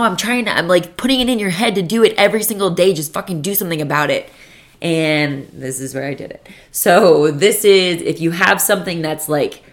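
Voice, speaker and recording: A woman's voice: low-pitched, fairly bright tone. A young woman hosting her own podcast alone, rambling and swearing freely, with lots of "like" fillers, into a podcast microphone. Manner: rambling and profane, with many "like" fillers. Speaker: podcast host. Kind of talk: casual solo podcast monologue.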